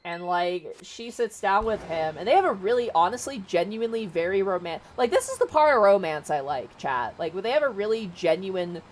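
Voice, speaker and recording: A woman's voice: mid-range voice, lively intonation, brisk, hardly any pauses, a little hiss or hum. A woman streamer casually retelling a book, chatty and rambling, with plenty of swearing. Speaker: VTuber streamer.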